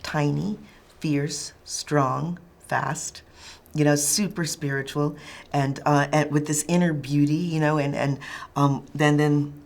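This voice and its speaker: A woman film director in a press interview, speaking reflectively and pausing often to search for words. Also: low voice, little pitch movement, a little mellow.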